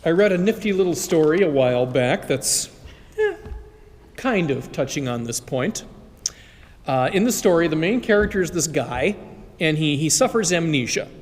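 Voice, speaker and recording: A male priest giving a homily in a relaxed, conversational storytelling way. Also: a little high, normal speed. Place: large church. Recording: long church reverb.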